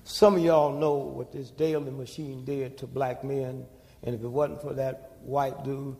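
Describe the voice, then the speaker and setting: A man's voice: medium pitch, flat delivery, a little slow, creaky, warm tone. An older man, giving a preaching-style public talk full of rhetorical questions and call-and-response. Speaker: speaker at a community talk. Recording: long hall reverb.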